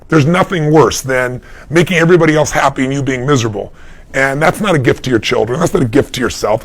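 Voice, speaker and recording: A middle-aged man with a gravelly, somewhat high voice coaches a live audience on life. He talks with emphatic energy and acts out the voices of the people in his stories. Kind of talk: live Q&A advice talk.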